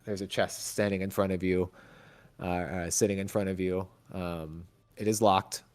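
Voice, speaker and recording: Halting, low-voiced game master. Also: male voice, flat delivery, darkish tone. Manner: halting, full of fillers and restarts. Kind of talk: narrating a tabletop game.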